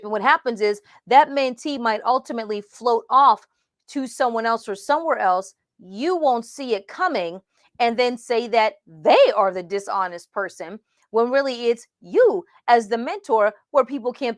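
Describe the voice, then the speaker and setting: A middle-aged woman teaching mentors about leadership mistakes in an emphatic, animated way, acting out the voices she quotes. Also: fairly high pitch, dry recording, clean studio sound. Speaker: ministry mentor trainer.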